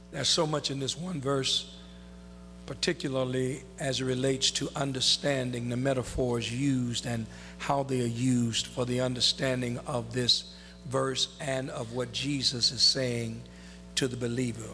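A man preaching a sermon as pastor, reading scripture in a slow, drawn-out way. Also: mid-range voice, little pitch movement, a bit bright, slight background noise. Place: church sanctuary. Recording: reverberant hall.

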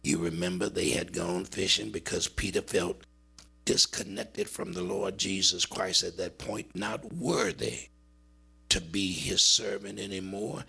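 A man preaching a dramatic sermon, swinging between high urgent cries and low murmured passages. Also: fairly even intonation, unhurried, gravelly, sharp tone, husky.

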